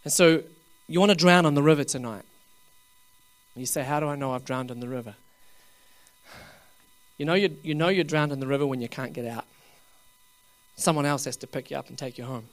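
Male charismatic preacher, slightly high voice, laughing and urging the crowd on. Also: brisk, pauses often. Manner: laughing often, coaxing the crowd; rising to loud bursts.

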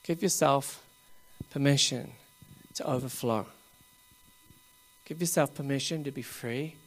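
A man preaching at a revival meeting, laughing often as he coaxes the crowd and rises to loud bursts. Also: medium pitch, unhurried.

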